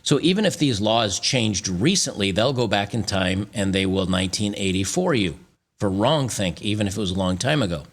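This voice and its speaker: A man's voice: fairly low pitch, animated, moderate pace. A man from the United States hosting an opinion commentary, reading news aloud and reacting, often stumbling and restarting. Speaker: channel host.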